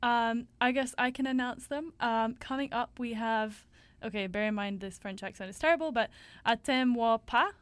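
Young woman radio co-host, slightly high voice, playful and chatty, dry studio sound. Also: moderate pace, dry recording. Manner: chatty and playful, many fillers. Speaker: co-host of a campus radio show. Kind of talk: casual radio chat. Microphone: studio microphone.

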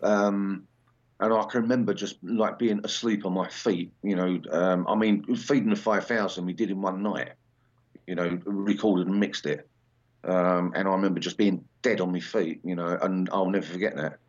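A man's voice: sits low, steady tone, normal speed. An English man in his sixties, a punk singer chatting in an interview, rambling with many ums and restarts. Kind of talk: casual interview chat. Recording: slightly dull lo-fi sound.

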